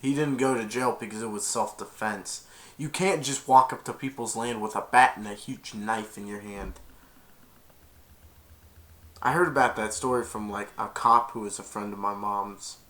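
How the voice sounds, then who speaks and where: A man's voice: on the low side, fairly even intonation, normal speed, a bit bright. A man chiming in on a news story, rambling with fillers and restarts. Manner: rambling, hesitant. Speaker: co-commentator. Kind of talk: reaction commentary.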